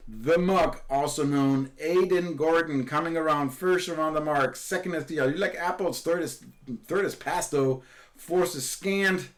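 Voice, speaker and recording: Brief: male esports race caster, a touch high-pitched, excitable, repeats calls. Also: unhurried. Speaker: esports sailing commentator. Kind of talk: live race commentary.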